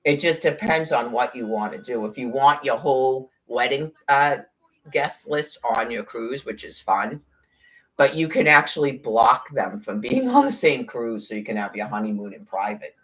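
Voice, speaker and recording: A woman's voice: a bass voice, animated, normal speed. A middle-aged woman in casual chat, rambling, blunt and profane, with sarcastic asides. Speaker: podcast host.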